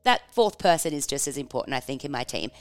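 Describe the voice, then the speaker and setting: A woman, telling personal stories in a frank, animated way, swearing casually and laughing as she talks. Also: rumbling low, fast talker, dry recording, soft background music. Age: 30s. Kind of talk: personal storytelling, candid and confessional.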